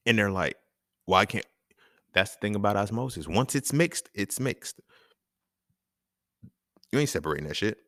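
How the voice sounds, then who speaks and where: Very deep-voiced man, animated profane rant. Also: no echo, studio quality. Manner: profane, animated, laughing often, slangy. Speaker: podcast host. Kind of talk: casual monologue.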